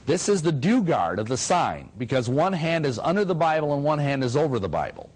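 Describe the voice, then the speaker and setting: A man's voice: on the high side, brisk, slightly rough, rough recording. A middle-aged man giving a talk to an audience, telling stories and acting out quotes with jokes along the way. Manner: animated, jokey, acts out quotes. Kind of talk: lecture to an audience, storytelling.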